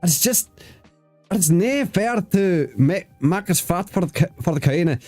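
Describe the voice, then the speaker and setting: A man doing an impression of a heavily accented Scottish man from an animated film, halting as he tries to recall the lines. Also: high voice, faint music behind, voice pushed up. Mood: mimicking. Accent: Scottish, put on.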